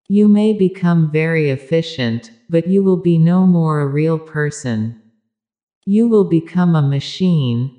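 A spiritual teacher giving a calm, measured discourse with repeated, parallel phrasing. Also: mid-range voice.

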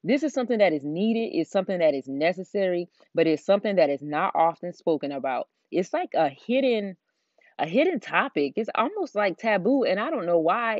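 A woman's voice: fairly low pitch, a little mellow, no echo. Brief: middle-aged woman, Southern drawl, chatty podcast host, dry and slightly dull recording. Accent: Southern American. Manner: chatty, rambling, frequent fillers. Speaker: podcast host and Christian life coach. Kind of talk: casual solo podcast talk.

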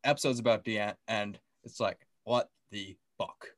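A man co-hosting a podcast, excitedly recapping a TV episode in casual chat, swearing often and acting out the scenes. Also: fairly low pitch, moderate pace, no echo. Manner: excitable, profane, acts out scenes. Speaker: podcast co-host.

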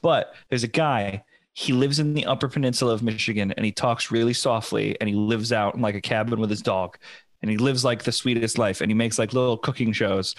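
A man rambles through a story on a casual podcast, full of fillers and restarts. His voice sits at a middle pitch. The sound is dry and close. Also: fairly even intonation, a little fast, no room sound. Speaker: podcast host. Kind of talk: casual chat.

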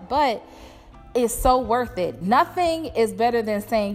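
A woman's voice: a little high, expressive, moderate pace. A young woman entrepreneur giving a blunt, motivational talk to her viewers, cussing freely. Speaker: entrepreneur and vlogger. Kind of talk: casual motivational talk to camera. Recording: long echo with music behind.

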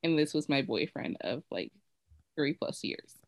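A woman co-hosting a podcast tells frank stories in a candid, rambling, casual chat packed with fillers. Her voice is low-pitched and very animated, unhurried, with vocal fry, in a dry recording.

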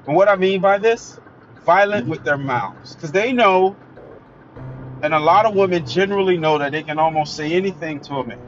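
A man's voice: a little high, a little hiss or hum. A man giving a blunt, emphatic, opinionated solo monologue as a commentator. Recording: dull lo-fi recording with faint music.

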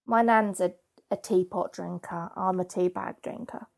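A British woman chatting casually as a co-host, brisk and amused, talking through things step by step. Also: fairly low pitch, steady tone, gravelly, a little mellow. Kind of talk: casual chat.

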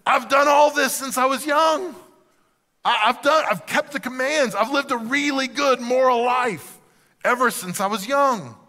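Preacher doing a giddy young rich guy, high-pitched and loud, echoing in a hall. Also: unhurried, exaggerated voice. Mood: excited. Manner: breathless, eager, shouting with excitement. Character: eager excited young rich man. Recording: reverberant hall.

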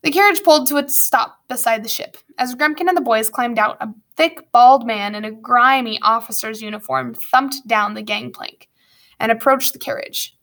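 A woman reading a storybook aloud as narrator, with lively storytelling and wry asides. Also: fairly high pitch, moderate pace. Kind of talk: audiobook narration.

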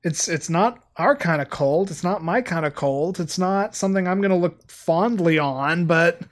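A man's voice: high voice, normal speed. A man co-hosting a film podcast in casual chat, emphatic and opinionated, often restarting his sentences. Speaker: podcast co-host.

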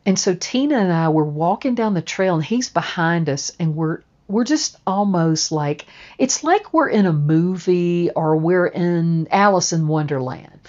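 A woman's voice: fairly low pitch, expressive, unhurried, darkish tone, highs cut off. A woman telling a personal story in a casual, rambling way, with restarts and swearing.

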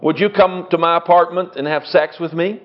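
A brazen, pushy man speaks with a Hebrew accent, as a preacher puts him on. The voice sits high for a man. The sound is muffled and lo-fi. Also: fairly even intonation, fairly quick, close to an everyday voice. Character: pushy man propositioning a woman. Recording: dull lo-fi recording.

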